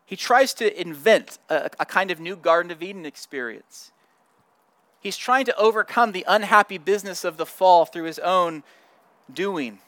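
A man's voice: sits high, moderate pace, fairly bright tone, no echo. A man, a pastor, preaching a sermon in an earnest, conversational way, often repeating words as he restarts his sentences.

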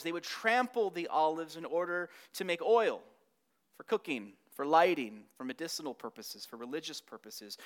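Male pastor with a raised pitch, earnest sermon delivery, repeats key words, swings between intensity and near hush. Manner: earnest, builds up then drops to a hush.

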